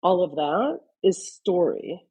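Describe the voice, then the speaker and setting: A woman with a low, husky voice explains her ideas on a podcast through lively stories and examples. Her tone is warm and mellow, and she speaks as an interview guest. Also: slow, dull audio. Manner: animated storytelling, talks in examples. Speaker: guest, leadership consultant.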